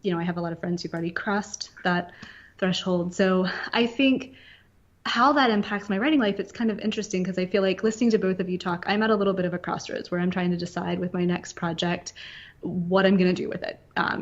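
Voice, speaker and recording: A woman's voice: medium pitch, fairly quick, lo-fi sound. A woman in her late thirties from northern Virginia, co-hosting a casual podcast chat in a reflective, rambling way with many fillers. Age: late 30s. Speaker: podcast co-host.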